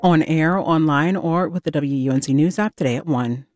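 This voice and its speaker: A radio station announcer reading sponsor credits and station messages in a smooth, even way. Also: mid-range voice, moderate pace, over music.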